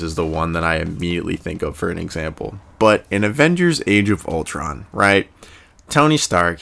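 A young man hosting his own podcast, talking in a deep voice with a gravelly, creaky grain. He rambles and thinks aloud, circling back with fillers and restarts, and often chuckles or drops into quick impressions. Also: a bit bright. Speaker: podcast host. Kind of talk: casual solo podcast musing.

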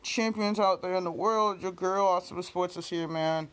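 A woman's voice: on the low side, steady tone, moderate pace. A woman sports vlogger doing an angry fan rant, heated and cursing, repeating herself and firing questions at her viewers in slangy talk.

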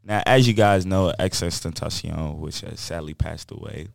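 Young guy, very low gravelly voice, dry, jokey. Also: normal speed, no room sound. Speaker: student co-host.

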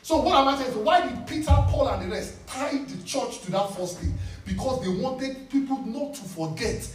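A man's voice: very high voice, normal speed, soft background music. A man preaching a sermon in a church, repeating key lines for emphasis and laughing as he talks. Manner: animated, repeats phrases for emphasis, laughs while speaking. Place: church hall. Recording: echoey church from a distant mic.

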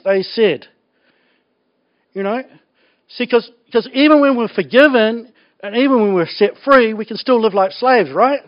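High-voiced New pastor preaching. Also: male voice, normal speed. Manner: animated, laughs often, colloquial jokes. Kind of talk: sermon. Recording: dull lo-fi recording.

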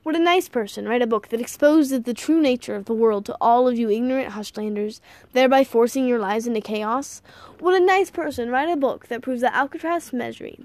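A woman narrates an audiobook with wry, playful delivery. Her voice sits a little high, and the recording is dry and close with no room around it. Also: darkish tone, dry recording.

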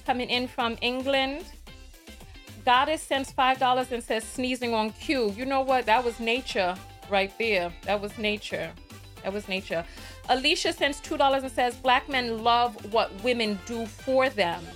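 Livestream host, woman, New York accent, sassy and chatty, fairly high voice, faint music behind. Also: measured pace, fairly bright tone. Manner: chatty, sassy, laughs often. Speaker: livestream talk show host. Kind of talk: casual livestream chat reading donations.

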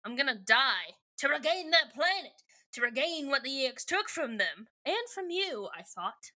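A woman's voice: high-pitched, very animated, measured pace, pushed and bright, exaggerated voice. A woman putting on a drawling Cajun alien man. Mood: folksy drawl. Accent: put-on Cajun. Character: folksy male alien scientist with a drawl.

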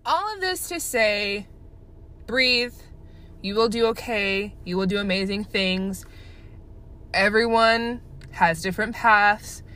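A woman's voice: mid-range voice, pushed and bright. A woman in her twenties hosting a casual solo podcast, talking candidly in a rambling way, with lots of "like". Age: 20s. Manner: rambling, candid, heavy use of "like". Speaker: podcast host. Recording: slightly dull lo-fi recording.

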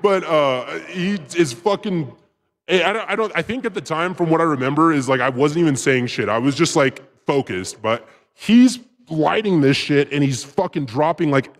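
A man's voice: on the high side, moderate pace. Rambling, profane male storyteller. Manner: profane, rambling, with filler words; excited bursts when retelling action. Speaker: podcast guest. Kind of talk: casual storytelling.

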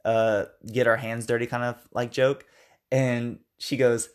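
In an unhurried, flat, clean-toned medium-pitched voice, an American man co-hosts a podcast and casually reviews a film. He rambles, self-corrects, and acts out some of the movie's lines.

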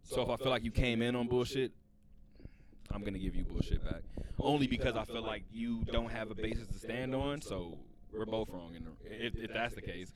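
A man hosting a casual group podcast chat, telling animated stories and acting out the people in them. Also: lowish voice, fairly quick, crowd noise. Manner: animated storyteller, acts out quotes. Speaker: podcast host.

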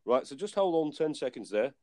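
A man's voice: fairly high pitch, very animated, brisk, mellow, pitched above the performer's own voice. A man putting on a cheeky male radio host who fakes a producer in a Barnsley accent, with breezy mock-friendly patter. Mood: mischievous. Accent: put-on Barnsley.

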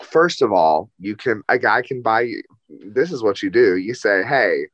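A man with a lowish voice talks bluntly and flamboyantly, swearing freely in casual chat. The sound is slightly dull and lo-fi. It is dry, with no room echo. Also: animated, normal speed.

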